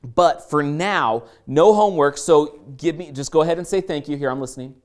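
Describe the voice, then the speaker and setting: An animated man telling a story to teach a course lesson. His delivery is playful, and he acts out his own reactions along the way. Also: fairly high pitch, a little fast. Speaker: course instructor.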